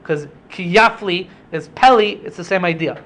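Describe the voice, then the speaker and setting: High-voiced young man explaining scripture. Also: a little slow, fairly bright tone. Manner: conversational explaining, mixing in Hebrew terms. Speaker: podcast host teaching Bible stories. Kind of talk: casual Torah study talk.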